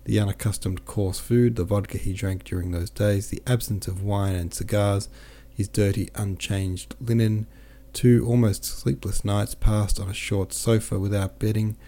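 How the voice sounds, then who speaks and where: A man narrating a classic novel at a steady, measured pace as a podcast host. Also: on the low side. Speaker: audiobook reader and podcast host. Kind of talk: audiobook narration.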